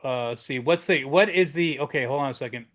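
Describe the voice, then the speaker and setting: Hosting a casual livestream, a man reads out viewer comments and spins rambling stories from the shop, acting out quoted lines and often trailing off as he searches for words. His voice is medium-pitched, fairly quick and a bit bright.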